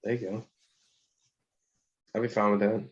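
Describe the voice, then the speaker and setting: A man's voice: lowish voice, little pitch movement, moderate pace, highs cut off. A man co-hosting a casual podcast, wry and laid-back in his banter. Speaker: podcast co-host. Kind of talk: casual chat.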